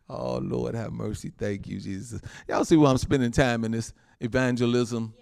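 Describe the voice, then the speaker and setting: A man preaching as a pastor, animated and laughing often, with frequent amens. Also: mid-range voice, unhurried, creaky. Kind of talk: sermon.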